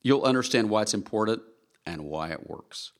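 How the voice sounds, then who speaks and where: A man's voice: lowish voice, expressive, moderate pace. A man reading his own nonfiction book aloud in an earnest, conversational storytelling way. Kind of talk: scripted audiobook narration.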